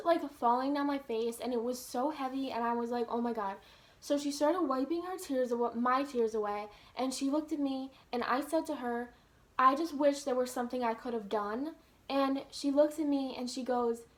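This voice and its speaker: Brief: young woman vlogger, high voice, earnest, chatty, lots of "like". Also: normal speed. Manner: earnest, heavy use of "like". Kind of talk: casual storytelling to camera.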